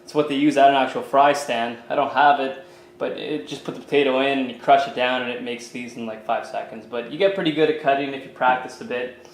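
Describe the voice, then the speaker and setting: A man's voice: mid-range voice, fairly even intonation, a little fast, reverberant, slight background noise, rough recording. A man from Canada, a fitness coach, talking casually to camera while showing a recipe in his home kitchen, with lots of fillers. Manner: chatty, loose, with many fillers like "you know". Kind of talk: casual cooking demo to camera.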